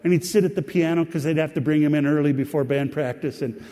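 A man telling a rambling personal story to an audience, pausing often. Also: on the high side, steady tone. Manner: warm, rambling anecdotal storytelling with pauses. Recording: long hall reverb.

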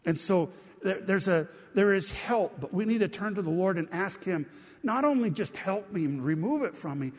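A middle-aged man preaches from a church sanctuary, his voice sitting a little high for a man. He keeps it conversational, often checking in with the people listening. A long reverb from the hall hangs after each phrase. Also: animated, moderate pace. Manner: conversational, calls out to the congregation. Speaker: pastor. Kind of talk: sermon.

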